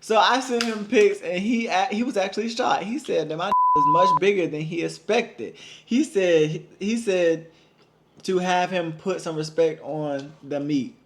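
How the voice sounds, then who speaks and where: A man's voice: high voice, fairly bright tone, slight background noise. Playful man reading a confession aloud. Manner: playful, quick asides. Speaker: co-host. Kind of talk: reading listener stories aloud.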